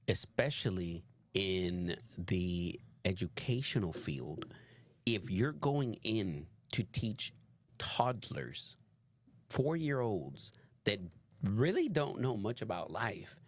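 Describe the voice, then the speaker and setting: A man's voice: lowish voice, no room sound. A man co-hosting a reaction video, giving emphatic commentary and swearing freely. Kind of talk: casual opinionated commentary.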